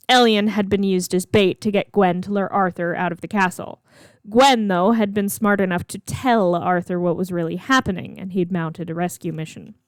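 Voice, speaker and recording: A woman narrates her own story in steady, expressive read-aloud style. Her voice sits in a middle range for a woman. The recording is dry, with no room echo at all. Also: mid-range voice, clean tone. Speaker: narrator reading her own fan fiction.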